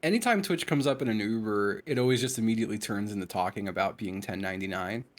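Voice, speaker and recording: A man's voice: on the low side, fast talker. A man chatting casually, telling funny stories about being recognized, laughing and acting out the people he quotes. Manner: animated storyteller, laughs and acts out quotes. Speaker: streamer and show regular. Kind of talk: casual chat.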